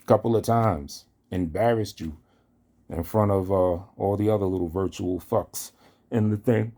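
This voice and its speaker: With a deep, dark-toned voice and a measured pace, this man, an online commentator, angrily calls someone out. He swears throughout and aims every word squarely at his target.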